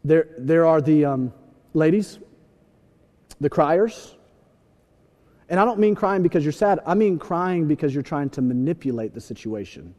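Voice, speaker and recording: Male preacher, high voice, lively storytelling, long hall echo. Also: a little slow, pauses often, muffled recording. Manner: animated storytelling, acts out scenes with shouts. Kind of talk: sermon.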